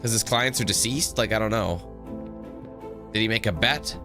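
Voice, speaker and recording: A man's voice: fairly low pitch, moderate pace, over music. A man giving casual let's-play commentary, goofy, rambling and profane. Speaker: gaming commentator.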